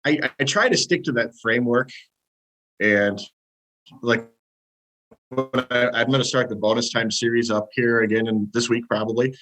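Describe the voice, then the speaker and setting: A man guesting on a podcast as a movie reviewer, chatting in an animated way and jumping up in pitch when he quotes himself. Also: normal speed, pauses often, rough recording. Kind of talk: casual podcast chat.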